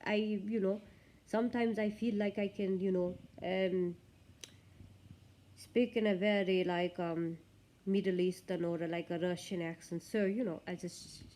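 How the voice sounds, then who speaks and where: A woman vlogger chatting casually to the camera. Her talk is loose and rambling, and her voice sits at a middle pitch. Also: steady tone, a little slow, dark tone, a little hiss or hum.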